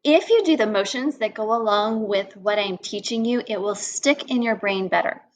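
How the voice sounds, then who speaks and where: A woman's voice: mid-range voice, normal speed, low-quality recording. A woman teaching a children's phonics lesson, acting out vowel sounds with big exclamations.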